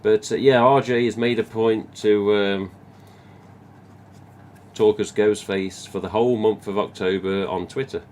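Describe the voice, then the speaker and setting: A lowish-voiced man with an English Midlands accent rambles through a casual live stream from home. He reads out viewer comments, swears freely, and keeps drifting between topics. Faint room hiss sits behind his voice. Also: steady tone, a little slow, a little mellow. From England.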